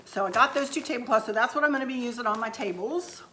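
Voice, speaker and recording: A middle-aged woman with a drawl chats with her viewers, rambling from one thought to the next. Her voice sits a little high and sounds bright and forceful. She is talking at home. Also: quick pace, a little hiss or hum. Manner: chatty, rambling, addresses viewers as y'all. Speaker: vlogger. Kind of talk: casual chat.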